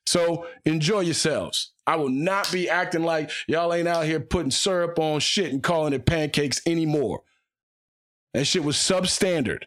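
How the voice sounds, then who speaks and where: A man's voice: a little high, moderate pace, fairly bright tone. A man hosting a solo sports podcast, speaking in a fired-up, emphatic way and repeating phrases for punch.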